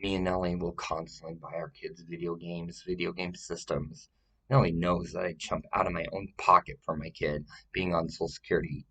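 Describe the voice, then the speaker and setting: A man's voice: deep voice, little pitch movement, normal speed, pushed and bright, poor audio. A man talking to the camera in a rambling personal monologue, profane and full of repeated, restarted phrases.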